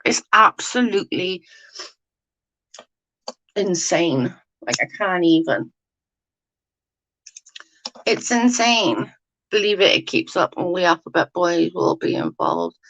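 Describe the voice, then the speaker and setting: A woman's voice: lowish voice, a bit bright, poor audio. A woman hosting a casual live chat with viewers, blunt and sweary, ranting with lots of "like" fillers. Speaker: livestream host chatting with viewers.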